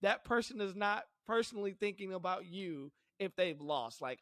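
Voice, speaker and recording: Guy on a sports podcast, kinda high voice, dry sound, laughs a lot mid story. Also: normal speed, a bit bright, no echo. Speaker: podcast co-host. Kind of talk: casual sports chat.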